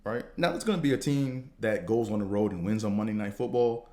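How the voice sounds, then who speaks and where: A man hosting a podcast, talking in a casual, slangy, profane monologue that rambles and jumps higher when he gets fired up. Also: a little fast, warm tone. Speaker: podcast host.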